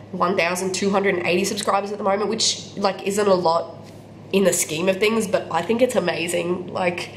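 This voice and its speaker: Aussie woman with a cold doing a chatty book vlog, kinda low voice, echoey room. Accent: Australian. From Australia. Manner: candid and chatty, repeats words for emphasis. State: sick with a cold. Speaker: book vlogger. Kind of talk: casual vlog chat. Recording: echoey room with faint background noise.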